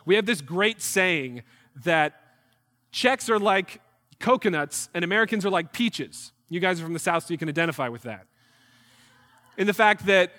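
A man's voice: high voice, long reverb tail. A young man from New York giving a missionary presentation to a church group, telling stories with jokes and acted-out asides. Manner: animated, jokey storytelling with acted-out asides. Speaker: missionary speaker.

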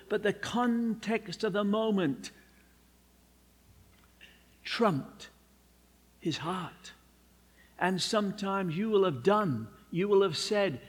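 A man preaching a sermon, emphatic and unhurried, with humorous personal asides. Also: high-pitched. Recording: long hall reverb.

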